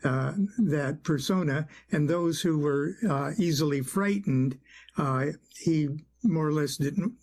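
Give me a male radio guest, slow and hesitant, a bit higher voice. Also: darkish tone. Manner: hesitant, many uhs, thoughtful, chuckles. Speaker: guest, author and singer-songwriter. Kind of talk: radio interview.

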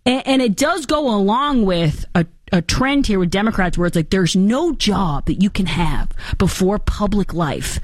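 A woman's voice: mid-range voice, normal speed, hardly any pauses, dry recording, clean studio sound. Sarcastic woman hosting political commentary. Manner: sarcastic, animated, mocking.

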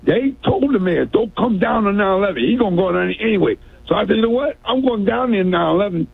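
A man from New York City phones a radio show, his high, creaky voice carrying a breathy edge as he talks expressively at a quick pace. The line is tinny, and he stammers through a long, rambling story, saying things over again.

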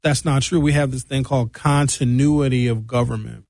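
An American man delivering a sarcastic, animated comedic rant with a mocking edge. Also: mid-range voice, normal speed, creaky, no room sound, rough recording. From United States.

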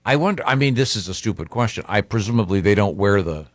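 A man's voice: on the low side, animated, no room sound, clean studio sound. A man co-hosting a talk show, chatting casually and often restarting his sentences. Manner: halting, restarts a lot. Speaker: co-host. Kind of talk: casual chat.

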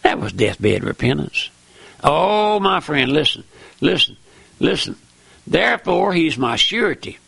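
A man's voice: sing-song, measured pace, vocal fry, fairly bright tone, breathy edge, no echo. An older man with a Southern US accent preaching a folksy radio sermon, fervent and repeating his appeals to the listener. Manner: fervent, repeats "my friend", pitch leaps high for emphasis.

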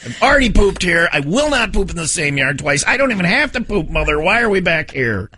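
A man voicing a fussy dog that scolds its owner in a high, whiny shout. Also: big pitch swings, fairly quick, husky, exaggerated voice. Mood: indignant.

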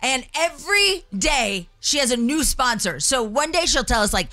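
Female co-host, higher-pitched bright voice, chatty gossip delivery. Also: lively intonation, moderate pace, hardly any pauses. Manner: gossipy, chatty, many fillers. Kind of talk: casual chat show.

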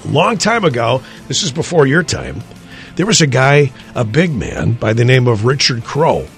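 A male radio host with an average-pitched voice, reading the weather and bantering loosely with his co-host. He rambles, jokes and interrupts himself, with faint music playing behind him. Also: sing-song, normal speed, vocal fry, a bit bright. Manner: rambling, jokey, self-interrupting. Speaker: radio morning show host.

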